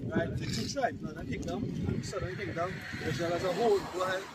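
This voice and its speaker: A man with a Trinidadian accent preaching on a city street, reading scripture slowly and loudly, then explaining it in casual talk. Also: high-pitched. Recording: distant mic, loud street noise.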